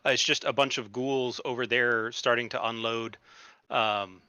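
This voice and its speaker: Bright-voiced man running a tabletop game. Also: medium pitch, steady tone, clear, resonant tone, no room sound. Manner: halting, many fillers and restarts. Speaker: game master.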